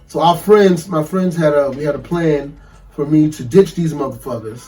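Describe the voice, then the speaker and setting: A man casually telling a funny story, animated and profane, laughing often and acting out the voices of people in it. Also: a little high, moderate pace, recorded from a distance.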